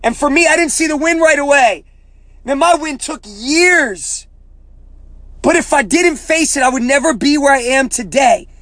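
High-voiced emphatic motivational coach, man. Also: lively intonation, moderate pace, no room sound. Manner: emphatic, preacher-like, repeats "man" often; raises voice to near-shouting at peaks. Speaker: life coach and podcast host. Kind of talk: motivational podcast monologue.

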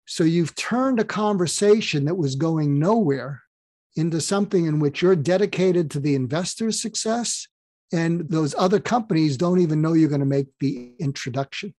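A man's voice: fairly high pitch, moderate pace, no room sound. A man talking as a podcast guest, explaining his ideas through stories and acting out little bits of dialogue. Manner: animated storyteller who acts out dialogue. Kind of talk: conversational interview, explaining with stories.

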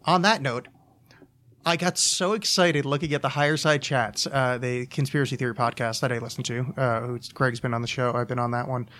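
A man's voice: medium pitch, steady tone, fairly quick, a bit bright. A man hosting a solo podcast, ranting casually with profanity, restarts and repeated words. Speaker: podcast host.

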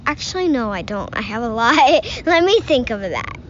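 A woman co-hosting a podcast, chatting casually and softly outdoors in a park. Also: fairly high pitch, big pitch swings, moderate pace. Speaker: podcast co-host. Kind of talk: casual chat. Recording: dull lo-fi recording, faint noise.

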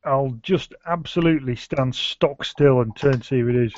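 A mid-pitched man plays a tabletop game, eager and quick and repeating his words. The sound is dry and close, with a dull, lo-fi edge. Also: a little mellow, no echo. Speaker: player. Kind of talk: casual tabletop play.

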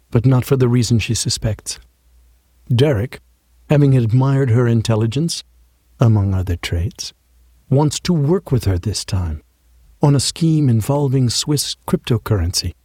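A man narrating an audiobook in a wry, measured way, close to a studio mic. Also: mid-range voice, expressive, warm tone, husky, no room sound.

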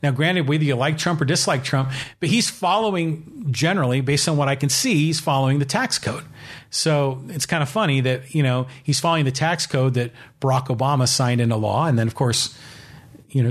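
A man hosting his own solo podcast, talking in an opinionated, rambling way with many fillers. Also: mid-range voice. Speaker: podcast host.

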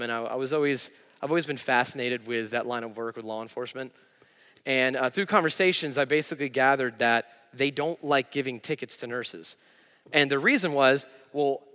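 A man's voice: mid-range voice, sharp tone, clear, resonant tone. A man preaching a sermon as pastor, telling a self-deprecating story from his own life. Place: church. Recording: church hall reverb.

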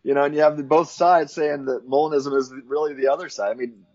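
A man with a slightly high, a little mellow voice keeps a steady tone at a quick pace. Guesting as a Christian philosopher in a casual interview, he explains theology thoughtfully with light laughter between points; the recording is dull and lo-fi.

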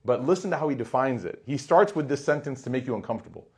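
A man giving a religious talk to a live audience, conversational and quick to act out everyday scenes in little voices. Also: medium pitch, expressive. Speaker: Islamic lecturer.

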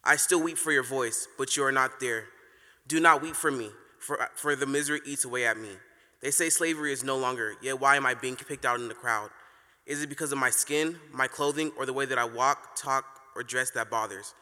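A man's voice: medium pitch, fairly quick, bright, forceful tone. A teenage boy performing a solemn spoken word poem on stage. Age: teens. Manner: solemn, declamatory. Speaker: youth slam poet. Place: theater stage. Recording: long reverb of a large venue.

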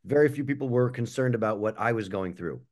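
A man's voice: medium pitch, expressive, fast talker, darkish tone. A man speaking as a panelist on a video call, answering in a reflective, earnest way with frequent fillers. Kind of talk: casual chat.

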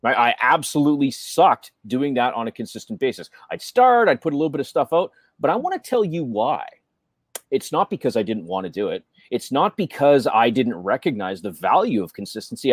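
A man co-hosting a business show, talking in an animated way with rhetorical questions. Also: medium pitch, breathy edge, no room sound, clean studio sound. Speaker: co-host. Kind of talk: business podcast chat.

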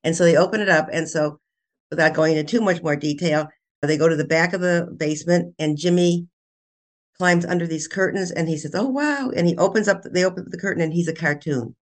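Older lady author walking through her book's plot, animated and laughing now and then. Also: deep voice, fairly quick. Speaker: author, guest. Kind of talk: casual storytelling interview.

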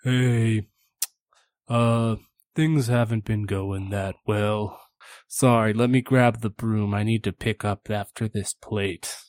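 A man doing a slow, gloomy panda bear hermit. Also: fairly low pitch, steady tone, darkish tone, dry recording, pitched below the performer's own voice. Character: depressed clumsy panda bear hermit, male.

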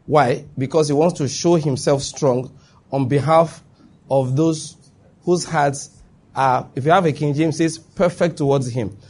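A man's voice: on the high side, measured pace, darkish tone, husky. A man preaching a sermon to a live congregation, emphatic and repetitive, often checking that his listeners follow him.

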